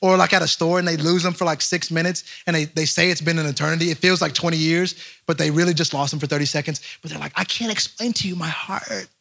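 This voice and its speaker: A young man, a pastor, preaching a lively storytelling sermon straight to his congregation. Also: a little high, fast talker, vocal fry, few pauses. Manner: animated, speaks straight to the congregation.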